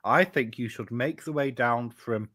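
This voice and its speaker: A man joining a casual chat, mid-pitched and relaxed. He rambles with a wry, joking edge. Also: measured pace. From United Kingdom. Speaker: guest.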